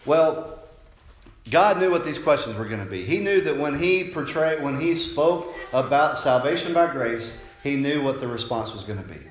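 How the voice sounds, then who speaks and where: A man preaches in an easy, conversational way and keeps turning to his listeners for agreement. His voice sits at a middle pitch. The room is echoey, with faint noise underneath. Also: expressive, normal speed. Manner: conversational preaching, frequent "right?" tag questions. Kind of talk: sermon.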